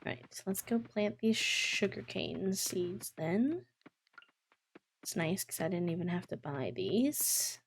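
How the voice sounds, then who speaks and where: A woman's voice: lowish voice, takes it slowly, gravelly, slight background noise. A young woman casually chatting to her live-stream audience while playing a farming game. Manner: relaxed, chatty, talks to chat between tasks.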